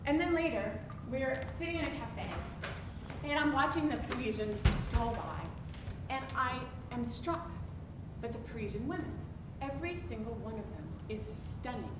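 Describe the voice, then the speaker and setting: A woman telling a personal story to a live audience, animated and self-deprecating. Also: on the high side, moderate pace. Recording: roomy, distant mic with background noise.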